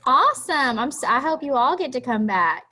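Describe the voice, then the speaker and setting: A woman's voice: sits high, very animated, moderate pace, noisy background. A woman teacher, chatting with students on an online class call in a friendly, casual way. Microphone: headset microphone, then computer mic.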